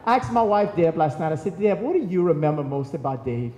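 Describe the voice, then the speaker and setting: A man delivers a eulogy full of stories, acting out the voices of friends as he goes. His voice sits high but sounds mellow. He is recorded from a distance in a large church with a long, roomy echo. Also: animated, fairly quick, a little hiss or hum. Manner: storytelling, acting out quoted voices. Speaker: eulogy speaker. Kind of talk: eulogy with anecdotes. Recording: echoey hall from far off.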